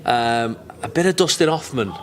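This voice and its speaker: A man's voice: medium pitch, lively intonation, normal speed. Man, Mancunian accent, chatty comic guest, rambling and jokey. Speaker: comedian interview guest. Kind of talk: casual chat.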